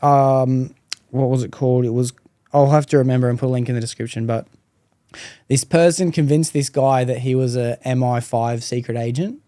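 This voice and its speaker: A man hosting a podcast, telling a story in a casual, profane, animated way. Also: medium pitch, moderate pace, no echo. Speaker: podcast host.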